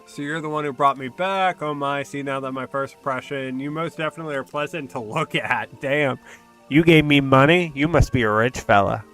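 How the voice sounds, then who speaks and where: A man voicing a flirty, teasing female fairy from a video game, reading her lines loudly and theatrically. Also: medium pitch, moderate pace, faint music behind, lightly acted.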